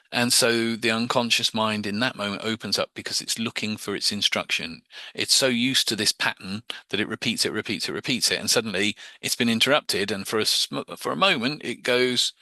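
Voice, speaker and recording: A man with a low voice that sounds very bright and forward explains hypnosis techniques to a group. His talk is informal and chatty, full of restarts and repeated words. The sound is dry and close, with no room around it. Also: dry recording. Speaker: hypnosis teacher.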